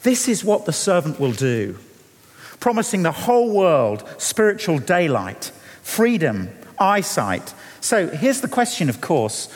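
A man preaching a sermon, earnest and often halting on restarts as he guides listeners through scripture. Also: fairly high pitch, huge pitch swings. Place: church hall. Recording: long church reverb.

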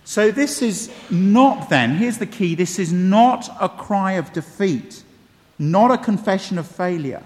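The long echo of a big hall fills this sermon, delivered by a man with a high, animated voice at a measured pace. He talks conversationally yet emphatically, circling back to key phrases and adding wry asides.

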